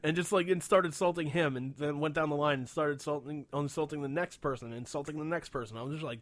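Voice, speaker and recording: A man's voice: a little high, quick pace, hardly any pauses, no echo. A man co-hosting a podcast, telling long rambling stories in casual chat, swearing freely and filling gaps with "like" and "whatnot". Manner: rambling storyteller, swears a lot, many fillers. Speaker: podcast co-host.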